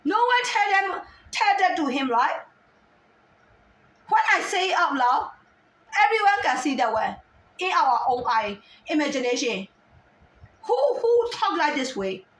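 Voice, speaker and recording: High-voiced scolding woman in a roomy space. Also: sing-song, fairly bright tone. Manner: agitated, scolding, repeated rhetorical questions; halting non-native English phrasing. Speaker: vlogger. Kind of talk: ranting monologue to camera. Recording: roomy sound from a distant mic.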